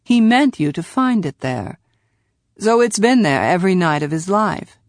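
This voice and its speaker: A woman doing a soft-spoken gentle young man. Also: lowish voice, animated, a little slow, dry recording, clean studio sound. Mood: hushed. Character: low-voiced calm young man, gentle. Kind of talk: audiobook character voice.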